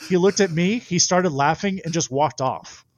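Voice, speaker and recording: A man, a guest on a podcast, telling stories in casual chat, animated and laughing often. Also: on the high side, normal speed, no echo. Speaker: guest pitcher.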